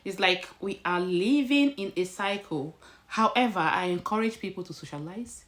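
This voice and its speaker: A woman's voice: mid-range voice, lively intonation, moderate pace, a bit bright. A woman with a Nigerian accent chatting casually to camera at home, slipping in Pidgin phrases. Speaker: vlogger. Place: indoors at home.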